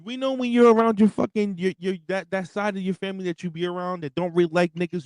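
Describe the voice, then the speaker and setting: Young guy going off on a podcast, kinda high voice, super dry close mic. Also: fast talker, clear, resonant tone, no room sound. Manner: animated, profane, reads out superchats. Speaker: podcast co-host. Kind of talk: casual wrestling podcast rant.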